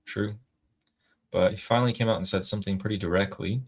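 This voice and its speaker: A man's voice: lowish voice, fairly even intonation, fast. A man co-hosting a casual livestream, reading out news updates and reacting to them. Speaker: political commentary co-host.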